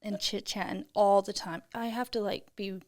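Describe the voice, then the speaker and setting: A woman co-hosting a podcast in casual chat, laid-back and deadpan, swearing freely. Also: medium pitch, normal speed, no echo, clean studio sound. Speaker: podcast co-host.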